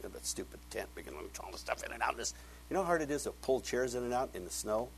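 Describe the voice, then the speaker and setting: A middle-aged male pastor telling a story in a sermon, animated, acting out conversations and laughing often. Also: medium pitch, quick pace, creaky, slight background noise, poor audio.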